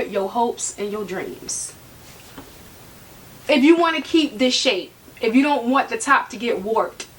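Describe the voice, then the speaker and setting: Sassy high-voiced woman vlogger. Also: fairly bright tone, a little hiss or hum. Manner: sassy, joking, talks straight to viewers. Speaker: handbag collection vlogger. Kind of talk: casual talk to camera. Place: room at home.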